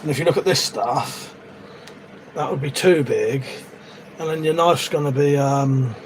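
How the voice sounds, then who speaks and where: A man with a slightly raised pitch, talking casually on a live stream from a shed. He rambles, swears offhandedly and chats to his viewers. Faint ambience hums behind him. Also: measured pace, slight background noise. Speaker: livestream host. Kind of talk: casual live-stream chat while crafting. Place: shed, outdoors.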